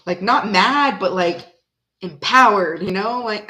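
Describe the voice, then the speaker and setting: This tarot reader and channel host keeps up casual, meandering chatter from home during a live reading, drifting between subjects and slipping into snatches of humming and singing. She occasionally lowers her voice to talk sweetly to her cat. Her pitch is medium, her pace brisk, and there's slight background noise.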